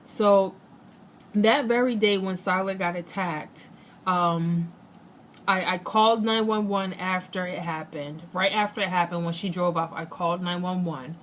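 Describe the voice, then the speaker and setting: A young woman with a fairly low voice tells a personal story straight to the camera in a loose, chatty way. She throws herself into the retelling and acts out the lines people said. A faint hum of noise sits behind her. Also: unhurried. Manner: animated retelling, acts out quotes. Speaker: vlogger. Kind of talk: casual storytelling.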